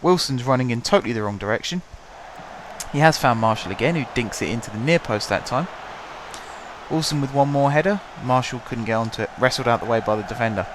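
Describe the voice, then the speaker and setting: A young man, hoarse from shouting, talks through his football management game in a chatty, wry play-by-play. His pitch sits in an ordinary middle range. A faint noise hums under the desk-mic recording. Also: fast. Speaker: gaming channel host. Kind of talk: casual let's-play commentary.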